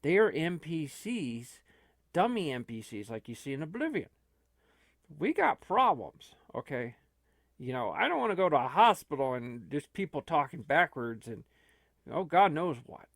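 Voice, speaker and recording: A man's voice: a little high, very animated, moderate pace, a bit bright, no room sound, clean studio sound, full character voice. A man playing a panicky rambling old man. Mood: urgent. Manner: rambling, stammering. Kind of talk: comic improvised role-play.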